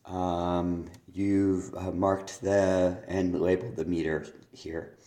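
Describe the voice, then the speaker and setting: Deep-voiced guy teacher going over a student's poems, lots of ums and restarts, roomy echo. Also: little pitch movement, dark tone. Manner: halting, many fillers and restarts, reads verse aloud. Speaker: teacher giving assignment feedback. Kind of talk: recorded feedback on a student's work. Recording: echoey room.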